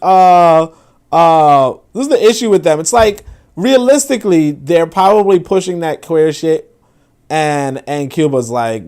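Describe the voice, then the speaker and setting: Animated, profane man hosting commentary. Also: a little high, moderate pace. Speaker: podcast host. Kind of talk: casual commentary.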